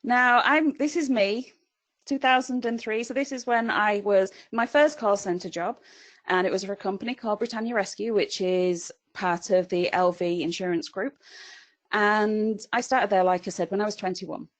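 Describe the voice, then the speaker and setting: A woman in her thirties presents a webinar on coaching. Her delivery is conversational and anecdotal, with a voice pitched in the middle of the usual range for women. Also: steady tone, normal speed. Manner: conversational, tells personal stories to make a point.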